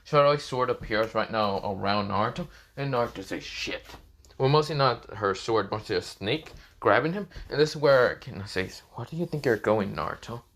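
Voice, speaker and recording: A man's voice: fairly low pitch, fairly bright tone. A man improvising a fan story in a rambling way, full of fillers like "well" and "of course", with casual swearing. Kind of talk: improvised fan-fiction narration.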